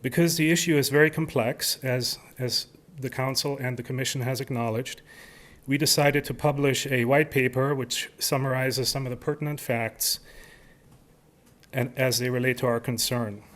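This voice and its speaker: A man's voice: medium pitch, fairly bright tone. A man making a formal, argumentative public comment at a city council meeting.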